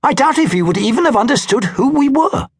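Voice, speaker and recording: A man's voice: extremely high pitch, expressive, a little fast, husky, pitched above the performer's own voice, full character voice. A man reading the part of a haughty alien scout who speaks of humans with condescension. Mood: condescending.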